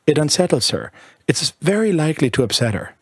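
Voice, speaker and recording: A man reading aloud, voicing a prim, possessive older nanny, a woman who talks in a hushed, gently scolding way. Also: fairly high pitch, sing-song, a little fast, dry recording, pitched above the performer's own voice. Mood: reproving.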